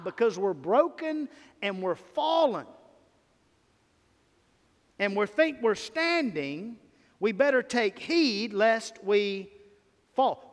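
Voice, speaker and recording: A man's voice: high voice, a bit bright. A man preaching a sermon as pastor, emphatic, his volume rising and falling. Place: church sanctuary. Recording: long reverb of a church sanctuary.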